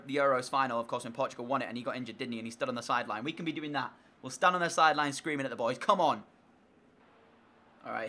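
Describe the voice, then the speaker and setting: Young man, gaming commentary, crisp bright tone, excitable with sudden outbursts. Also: medium pitch. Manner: excitable, swings between flat play-by-play and loud frustrated outbursts. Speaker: gaming YouTuber. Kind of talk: live gameplay commentary.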